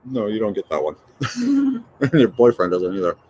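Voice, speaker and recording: A man's voice: deep voice, lively intonation, moderate pace, a little mellow, slight background noise. A middle-aged man chatting casually on a morning livestream, reading out comments and joking. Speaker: livestream host.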